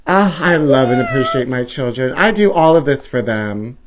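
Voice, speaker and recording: A man's voice: mid-range voice, lively intonation, normal speed, background noise, close to an everyday voice. A man voicing a doting, self-adoring mother who coos and drawls in a sing-song way. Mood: cooing.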